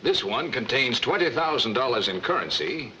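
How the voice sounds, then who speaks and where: A man's voice: mid-range voice, big pitch swings, normal speed, pushed and bright, a little hiss or hum. A man playing a polite hotel guest, speaking in a formal, courteous way, in 1940s film comedy style.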